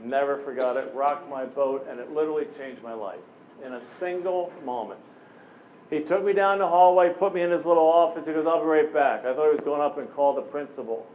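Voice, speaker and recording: Male keynote speaker, 40s, slightly high voice, animated storyteller who acts out his quotes; tinny, narrow-band recording. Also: brisk. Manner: animated, anecdotal, often slips into voicing the people he quotes. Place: conference room with a live audience. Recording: tinny phone-like recording with faint noise.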